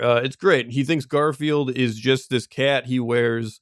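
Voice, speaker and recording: A man's voice: medium pitch, steady tone, a little slow, dry recording, clean studio sound. A man co-hosting a podcast, telling stories in loose, rambling casual chat full of asides and laughs. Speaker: podcast co-host.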